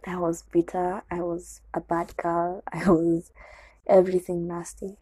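A woman's voice: fairly low pitch, monotone, a little slow, mellow, slightly rough, no room sound, poor audio. A young adult woman with a Kenyan accent candidly tells a personal story on her show, slipping into Swahili words. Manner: candid, code-switching into Swahili.

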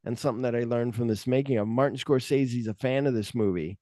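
A man hosting a movie podcast, talking casually and jumping into quick impressions of characters as he retells the plot. His voice rises and falls a lot, and the sound is close and dry, with no room echo. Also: medium pitch. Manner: animated retelling, acts out characters' lines; profane, uses fillers like "like". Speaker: podcast host.

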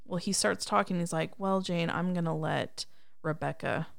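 A woman's voice: lowish voice, normal speed, vocal fry. A woman in casual chat, animatedly recapping a movie's scenes and acting out the characters' lines.

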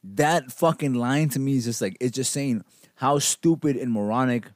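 A man's voice: medium pitch, normal speed, no room sound, clean studio sound. A man co-hosting a casual film-review podcast, talking in slangy, profane speech and teasing his co-host.

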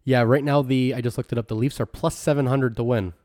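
A man in casual chat, laid-back and quick with short quips. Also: mid-range voice, steady tone, dark tone, dry recording, clean studio sound.

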